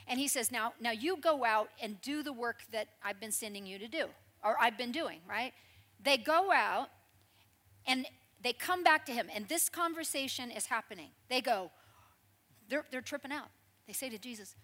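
A woman preaching a sermon in a lively, conversational storytelling way, with frequent asides to the congregation. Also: sits high, normal speed.

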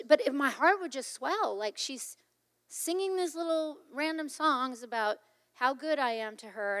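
A woman's voice: high voice, fairly bright tone, big-room sound. A middle-aged woman preaching a sermon in a conversational, emphatic way, often acting out little exchanges of dialogue.

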